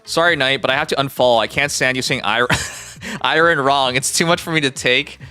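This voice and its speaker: A Canadian livestreamer chatting casually, animated and mock-indignant, swearing freely. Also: mid-range voice, fairly quick, clean tone, faint music behind. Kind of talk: casual live-stream chat.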